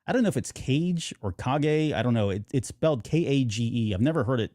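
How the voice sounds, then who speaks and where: A man co-hosts a podcast in loose, rambling chat, stopping and restarting his thoughts with plenty of fillers. His voice sits in a middle pitch. It is picked up on a dry, close mic with no room sound. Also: lively intonation, rapid-fire, mellow, no room sound. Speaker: podcast co-host. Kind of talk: casual chat.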